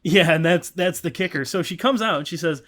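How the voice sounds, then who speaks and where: A man's voice: on the high side, brisk, a bit bright. A man co-hosting a podcast in loose, casual chat. He rambles through the story with plenty of swearing and filler words, and laughs along the way. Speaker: podcast co-host.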